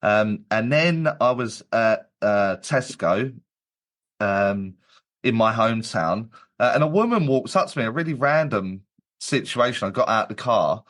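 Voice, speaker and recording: A man's voice: fairly low pitch, lively intonation, unhurried, fairly bright tone. A man, a medium and guest, telling his story in casual chat with many restarts and fillers.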